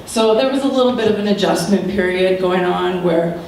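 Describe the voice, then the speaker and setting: A keynote speaker, a woman in her thirties, talks at a normal pace with a touch-low voice, sharing a personal story full of lively asides and impressions of the people involved. The mic sits well back in the big, echo-heavy lecture hall, leaving a faint hiss underneath.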